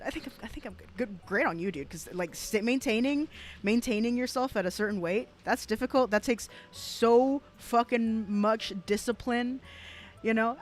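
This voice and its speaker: Blunt, profane young woman streamer. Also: a little high. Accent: South Texas. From South Texas. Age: 20s. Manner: blunt and profane, with laughing asides and rambling restarts. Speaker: streamer reacting to clips. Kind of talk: casual commentary stream.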